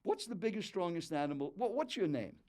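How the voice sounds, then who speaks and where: A man's voice: very animated, fairly quick, warm tone. An older man acting out a blunt, annoyed stranger on a plane who lectures scornfully about food. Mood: lecturing. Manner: scornful, lecturing, rising up high on put-downs.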